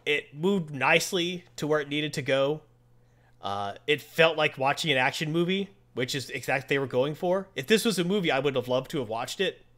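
A man chatting casually as a podcast host, recapping a comic book in an animated way with frequent fillers. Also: on the high side, a little fast.

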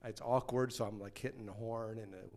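A man's voice: fairly low pitch, fairly quick. Man telling road stories animatedly. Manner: animated anecdotes, acting out quoted voices. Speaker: guest, touring band member. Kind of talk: casual storytelling.

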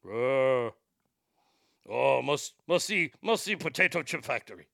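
Mock dictator impression, deep and halting, put on by a man. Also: animated, creaky, fairly bright tone, no room sound, clean studio sound. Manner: halting, slow grunting.

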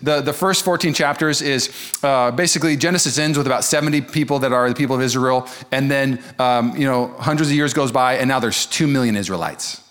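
A man preaching a sermon to a congregation in an energetic, joking, conversational way. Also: medium pitch, brisk. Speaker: pastor. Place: church service before a congregation.

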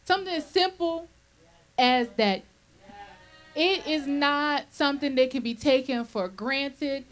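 Woman minister, conversational preacher; animated, chuckles between points, slightly high voice. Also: normal speed, low-quality recording. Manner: animated, checks in with listeners often. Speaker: minister leading a Bible study.

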